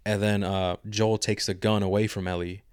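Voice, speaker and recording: A man's voice: fairly low pitch, level tone, normal speed, clear, resonant tone, dry recording, clean studio sound. A man co-hosting a podcast in casual chat, rambling in slang and retelling scenes with quoted lines. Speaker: podcast co-host.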